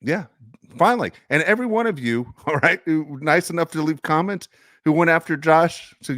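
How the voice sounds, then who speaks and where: A man's voice: a little high, normal speed, fairly bright tone, dry recording, studio quality. A man co-hosting a sports podcast, ranting in exasperation about his team's play in casual chat. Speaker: podcast co-host.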